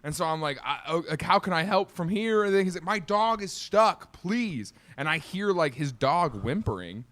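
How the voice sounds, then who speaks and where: A young man, a comedian guest, spins stories in a casual chat over a video call. His voice sits slightly high and swings widely in pitch, and he laughs often as he talks. The sound is dry and close, with no room around it. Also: brisk, hardly any pauses, dry recording. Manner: animated, laughing while telling stories.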